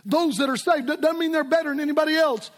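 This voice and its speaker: An older man preaches in a church. His voice sits very high for a man. He tells stories with an emphatic, repetitive cadence. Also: fast. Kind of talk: sermon.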